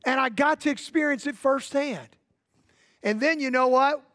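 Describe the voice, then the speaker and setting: A man with a Southern US accent, a pastor preaching a sermon in folksy, emphatic storytelling that drops to a hush for drama. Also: extremely high pitch, moderate pace, dry recording, clean studio sound. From Southern United States. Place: church sanctuary.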